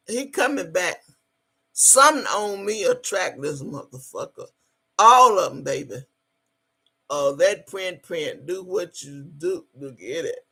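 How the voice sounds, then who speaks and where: A woman's voice: fairly low pitch, creaky, fairly bright tone, slightly rough. A woman hosting a livestream, talking brashly and profanely, boasting and laughing often as she greets her chat. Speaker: livestream host.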